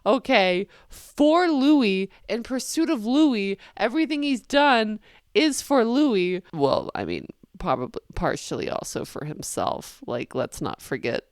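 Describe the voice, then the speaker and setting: A young woman hosting a reaction video, talking casually and excitedly, swinging from loud outbursts to quiet asides. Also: on the high side, no echo, clean studio sound.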